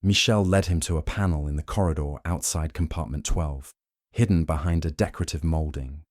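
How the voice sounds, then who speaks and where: Deep-voiced man narrating a mystery. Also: fairly quick, no echo, clean studio sound. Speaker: audiobook narrator. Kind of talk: scripted narration.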